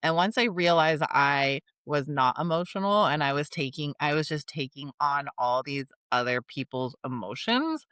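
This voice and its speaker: A woman's voice: low voice, expressive, moderate pace, few pauses, fairly bright tone, clear, resonant tone, no room sound. A woman co-hosting a podcast in casual chat, talking loosely with lots of "like". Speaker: podcast co-host.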